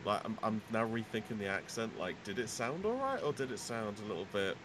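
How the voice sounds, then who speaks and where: A man's voice: fairly low pitch, very animated, a little fast, background noise. A man running a tabletop game as game master, narrating and chatting in a hesitant, filler-heavy way.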